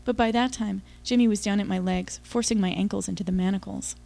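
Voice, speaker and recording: A woman's voice: medium pitch, steady tone, brisk, gravelly, mellow. A woman giving an intimate, confiding first-person audiobook narration.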